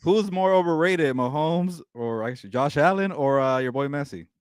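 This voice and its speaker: A man's voice: on the high side, expressive, normal speed, smooth, no echo, clean studio sound. A man co-hosting a casual sports chat who laughs often and teases with provocative questions. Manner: laughing, teasing. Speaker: sports show co-host.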